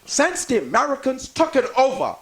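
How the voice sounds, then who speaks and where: An older man from the Bahamas with a Bahamian accent, a guest on a talk show. He tells stories emphatically, in a preachy way, and sometimes rises to a shout. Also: very high voice, huge pitch swings, moderate pace, crowd noise, poor audio. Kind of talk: talk radio discussion.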